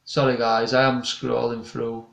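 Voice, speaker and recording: Chatty man, gravelly voice. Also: mid-range voice, monotone, measured pace, fairly bright tone. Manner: rambling, chatty, restarts often. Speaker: paranormal investigator and channel host. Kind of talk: casual live-stream chat reading comments. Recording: echoey room, distant mic.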